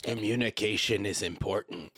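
A man playing a tabletop role-playing game, calmly describing what his character does. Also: fairly low pitch, moderate pace, slightly rough, no room sound. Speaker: player. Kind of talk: tabletop role-play, casual chat.

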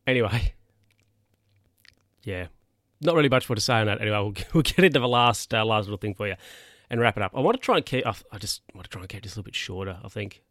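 A man's voice: lowish voice, a bit bright, dry recording, clean studio sound. A man hosting a podcast, rambling casually and often correcting himself mid-sentence. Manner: rambling, self-correcting, chatty. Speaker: podcast host. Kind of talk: casual solo podcast monologue.

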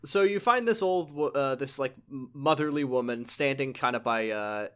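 A man's voice: mid-range voice, moderate pace, fairly bright tone, smooth. A man talking casually and at length, recapping a video game story. He rambles, restarts sentences and leans on fillers as he goes. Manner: rambling, many fillers and self-corrections.

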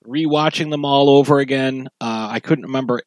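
Relaxed man hosting a horror podcast. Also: mid-range voice, a little fast, no echo. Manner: relaxed, filler-heavy with frequent "uh". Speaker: podcast co-host. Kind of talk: casual podcast chat.

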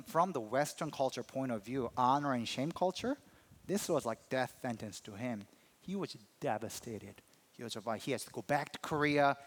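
A man preaching a sermon as a pastor, telling a personal story in an animated, emphatic way. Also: mid-range voice.

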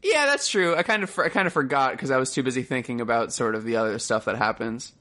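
A man's voice: mid-range voice, expressive, fast talker, bright, forceful tone. A man co-hosting a podcast in casual chat, joking around and swearing casually. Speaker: podcast co-host.

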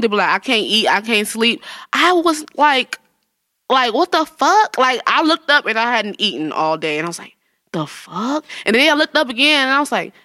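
Animated bright-voiced woman chatting. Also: a little high, no room sound, studio quality. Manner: animated storytelling, laughs often, acts out voices. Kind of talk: casual chat.

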